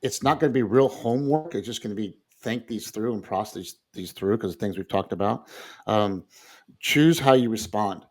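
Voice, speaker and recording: A man co-hosting a podcast, speaking in a relaxed, casual way and working from his own handwritten notes. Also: lowish voice, moderate pace. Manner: relaxed, works from handwritten notes, short affirmations. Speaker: podcast co-host. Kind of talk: casual conversational podcast talk.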